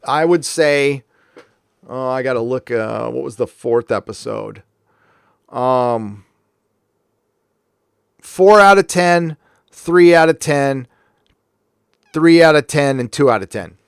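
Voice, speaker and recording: A man's voice: mid-range voice, animated, a little slow, smooth, no echo. Ranting male livestream host, dry sound. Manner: blunt, ranting, profane, frequent restarts. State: angry. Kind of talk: casual live-stream commentary.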